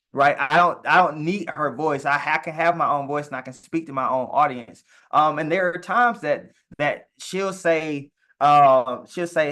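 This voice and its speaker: A man talking casually about marriage and business, animated, stumbling on words and laughing often as he talks. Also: a little high. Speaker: co-host.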